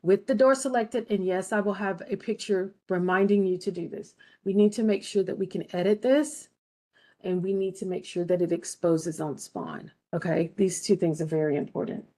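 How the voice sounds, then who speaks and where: A woman walks her students through a game design lesson one step at a time. She is patient and clear, and often pauses to ask whether everyone is following. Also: lowish voice, dark tone. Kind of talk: recorded screen-share lesson.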